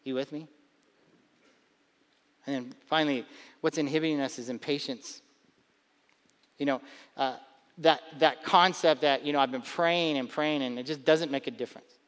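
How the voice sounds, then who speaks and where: A man's voice: mid-range voice, fairly even intonation, moderate pace, long pauses, fairly bright tone, in a large hall. A man in his thirties preaching a sermon as a pastor, conversational and emphatic, often repeating words as he builds a point.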